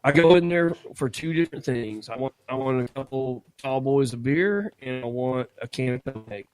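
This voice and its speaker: A man co-hosting a podcast, telling a story in a casual, animated way and acting out what people said. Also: medium pitch, a little fast, no echo, rough recording. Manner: animated, laughs while telling, acts out quotes. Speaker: podcast co-host.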